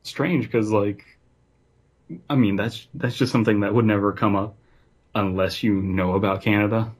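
A man co-hosts a casual podcast chat in a low, husky voice. He halts and restarts as he thinks aloud and often ends his points with questions. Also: fairly even intonation, moderate pace. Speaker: podcast co-host.

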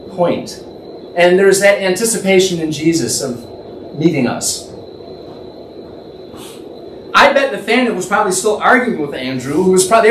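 High-voiced man musing through a Bible passage. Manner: musing and imaginative, thinks aloud and corrects himself. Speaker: Bible teacher. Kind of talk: conversational Bible teaching. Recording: echoey room, distant mic, faint background noise.

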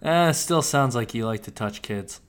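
A young man co-hosting a casual podcast, teasing his friend with dry, deadpan jokes. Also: medium pitch, normal speed, smooth. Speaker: podcast co-host.

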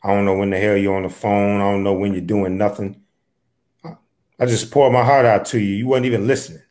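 A man's voice: on the low side, little pitch movement, fairly quick, a little mellow, close to an everyday voice. A man playing a tired, aggrieved husband. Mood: exasperated. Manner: complaining, exasperated. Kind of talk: improvised comedy sketch.

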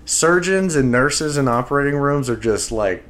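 A man in casual conversation, telling a story haltingly with many restarts and repeated words. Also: mid-range voice, expressive, fairly bright tone. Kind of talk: casual podcast chat.

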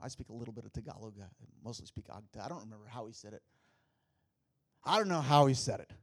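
Husky, animated male preacher telling a story. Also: mid-range voice. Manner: animated storytelling, repeats rhetorical questions. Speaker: pastor. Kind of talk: sermon with personal story.

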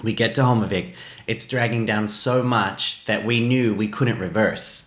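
A man casually telling a travel mishap story on a podcast, animated and poking fun at himself. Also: on the low side, a little slow. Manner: animated, self-mocking, laughs at his own story. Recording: roomy echo.

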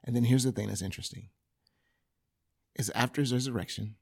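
A man preaching a sermon in a conversational, animated way, with everyday examples. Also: medium pitch, fairly quick, creaky, slightly rough.

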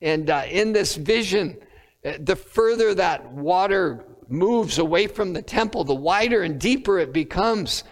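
A man preaching a sermon, pausing often on fillers and lifting his voice when quoting scripture. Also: high-pitched, animated, big-room sound. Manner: halting, many filler pauses, rising on quoted scripture.

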